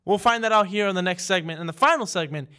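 A man's voice: high voice, quick pace, bright, forceful tone, clean tone. A young man co-hosting a sports radio show, chatting casually and stammering over his words when he is teased. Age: young adult. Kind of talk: casual studio banter. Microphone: studio microphone.

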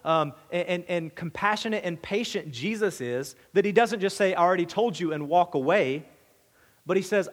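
A man's voice: normal speed, big-room sound. A man preaching a verse-by-verse sermon in a conversational way, asking rhetorical questions and repeating himself as he explains the text. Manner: voices the crowd's demand in a higher, louder tone. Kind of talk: expository sermon.

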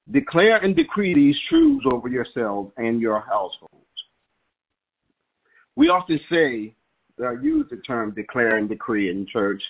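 A man leading a prayer call, speaking to the group with an earnest, emphatic preaching cadence as he recites scripture. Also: mid-range voice. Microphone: phone call. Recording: tinny phone line.

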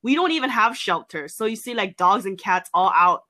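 Young woman, high and bright, animated casual storyteller with a swooping delivery. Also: brisk. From an island. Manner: animated storytelling with frequent fillers and high-pitched quoted voices. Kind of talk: casual chat.

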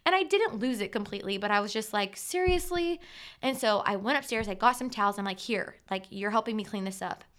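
A woman's voice: medium pitch, animated, fast talker, hardly any pauses, a bit bright. A woman in her thirties hosting a solo podcast, talking in a casual, conversational way with many filler words. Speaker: podcast host.

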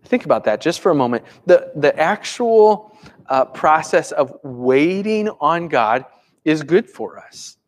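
Animated preacher with a lifted voice. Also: male voice, a little high, a little slow. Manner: animated, swings from urgent to hushed and calm. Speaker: pastor. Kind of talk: conversational sermon.

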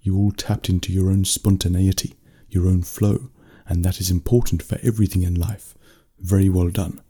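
A man voicing a calm, wise mentor who encourages children, in a bedtime story. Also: low-pitched, normal speed, husky.

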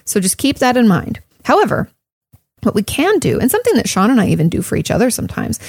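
A woman's voice: fairly high pitch, big pitch swings, fast, darkish tone, husky, no room sound. Chatty woman therapist, dry close sound. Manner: conversational, frequent "like" and "um", emphatic repetition. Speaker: therapist answering listener questions. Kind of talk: casual advice talk.

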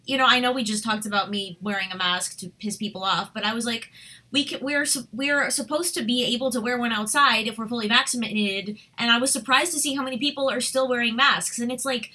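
A woman's voice: a little high, a little fast. Gushing, chatty woman guest. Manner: animated, gushing, many "like"s. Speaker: guest, actress and singer. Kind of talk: casual chat. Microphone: budget desktop USB microphone.

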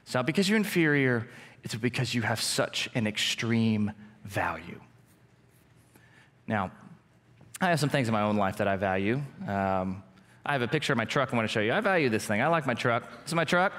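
A young adult male pastor giving a casual, joking sermon in a church hall. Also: normal speed. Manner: casual, joking preacher, lively swings in pitch. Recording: echoey church hall with music.

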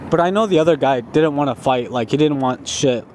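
A young man, high as he talks, tells a long, rambling story full of "like" and swearing. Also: fairly quick, a little mellow, a little hiss or hum. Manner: repetitive, profane, full of "like" fillers. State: stoned.

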